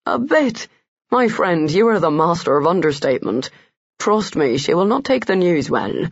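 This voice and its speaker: A man reading a gruff, grumbling Irishman. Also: high voice, big pitch swings, normal speed, no room sound, exaggerated voice. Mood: wry. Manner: dry, grumbling. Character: gruff, wry Irishman, Colin's worldly friend. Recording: dull lo-fi dry audio.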